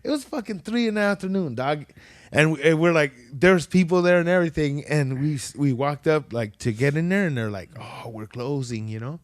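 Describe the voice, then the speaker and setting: A man with a fairly high voice tells a story in a loose podcast chat. He swears a lot and jumps into the voices of the people in it. The sound is dry and close. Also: brisk, dry recording. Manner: profane storytelling, animated quoted voices. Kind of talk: casual chat.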